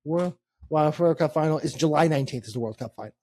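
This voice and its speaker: A man co-hosting a casual sports podcast, talking in quick, rambling bursts and swearing casually. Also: on the high side, mellow. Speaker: podcast co-host. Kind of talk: casual chat.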